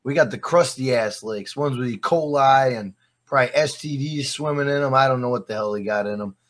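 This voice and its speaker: A man's voice: mid-range voice, brisk, a bit bright. A man guest on a podcast, chatting casually and swearing often, laughing through his stories. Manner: profane, laughing storyteller. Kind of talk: casual chat.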